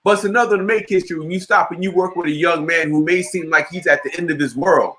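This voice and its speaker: A man hosting a talk show, speaking earnestly and reflectively, with lively quoted asides. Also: fairly high pitch, fast, a little hiss or hum. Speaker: host. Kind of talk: casual chat.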